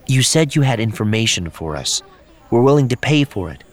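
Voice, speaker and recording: A man's voice: mid-range voice, very animated, voice pushed up. Leia, a man voicing a firm composed woman. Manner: measured, firm.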